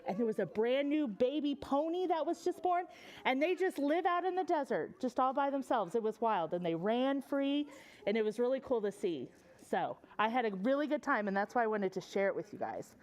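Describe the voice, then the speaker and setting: A high, bouncy female voice with wide swoops in pitch, reading a picture book to preschoolers. She is a children's librarian with a sing-song, animated delivery who keeps pausing to quiz the little ones. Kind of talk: preschool story time read-aloud. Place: public library story room.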